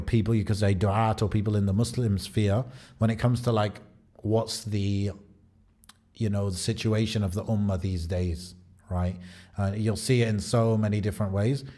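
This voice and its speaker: A man's voice: fairly low pitch, fairly even intonation, normal speed, dark tone. A man with a British accent chatting casually on a podcast, rambling and thinking aloud with many fillers. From Britain. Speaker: podcast co-host.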